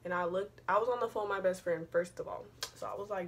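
A woman's voice: fairly low pitch, steady tone, fast, few pauses. A young woman vlogger telling a personal story in a casual, rambling, profane way, full of slang.

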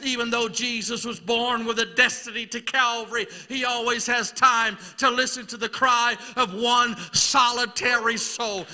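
High, bright preacher man in a hall. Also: level tone, moderate pace, few pauses. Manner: rhythmic repeated questions, building to shouts. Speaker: evangelist preacher. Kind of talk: sermon. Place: church sanctuary. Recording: long church hall reverb.

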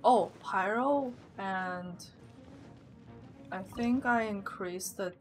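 A young woman streaming a game, thinking aloud and getting loud and excited when things go wrong. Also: mid-range voice, very slow, soft background music. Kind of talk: live gameplay commentary.

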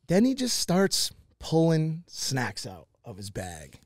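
Brief: male podcast host, higher voice, dry close sound, lively storyteller who swears a lot. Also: slow pace, few pauses, no room sound. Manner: animated, swears a lot, acts out quotes. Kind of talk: animated storytelling, casual chat.

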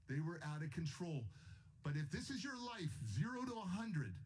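A man giving a motivational speech, telling his story in a passionate, emphatic way. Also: high-pitched. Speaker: motivational speaker.

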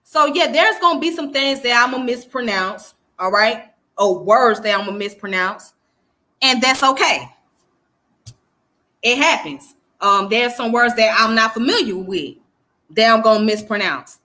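A woman's voice: fairly high pitch, moderate pace, sharp tone. A woman with a Southern US accent giving frank, casual commentary as she answers viewer comments, repeating her points for emphasis. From Southern United States.

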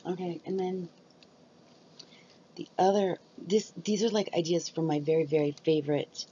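A woman's voice: on the low side, normal speed, long pauses, dark tone, highs cut off, slight background noise. A woman vlogger chatting casually and rambling. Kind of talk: casual chat about ASMR.

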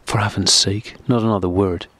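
A man reading the lines of an anguished young noblewoman from a classic novel audiobook, quiet and pleading. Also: fairly low pitch, steady tone, brisk, no room sound. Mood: despairing.

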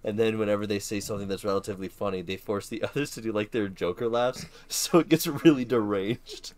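A young man co-hosting a casual podcast, pitching comedy bits and laughing along with them. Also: brisk. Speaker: podcast co-host. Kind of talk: casual chat.

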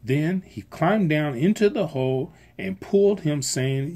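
A volunteer reads a children's picture book aloud, slow and expressive. The voice has a breathy, husky grain. Pitch moves about widely to keep the story lively. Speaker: volunteer reader.

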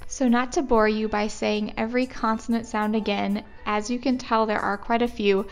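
A woman's voice: fairly high pitch, little pitch movement, moderate pace, reverberant, soft background music. A woman giving scripted speech therapy instruction, carefully demonstrating each sound.

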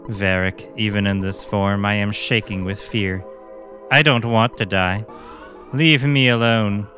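A man's voice: fairly low pitch, fairly even intonation, unhurried, sharp tone, faint music behind. A man doing a whiny old monster scientist. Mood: pleading. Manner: whiny, pleading, self-pitying. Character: pitiful old male scientist turned monster.

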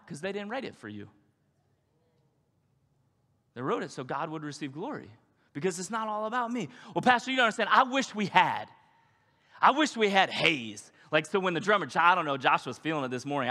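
Animated preaching man in an echoing hall. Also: a little high, fast, long pauses. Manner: animated preaching, acts out quoted voices. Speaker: pastor. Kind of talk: sermon. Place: church sanctuary. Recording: long hall reverb.

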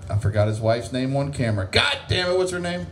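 A man's voice: mid-range voice, lively intonation, fast talker. A man guest-hosting an open mic, rambling between acts, swearing and correcting himself. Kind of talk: casual stage banter. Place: comedy venue stage.

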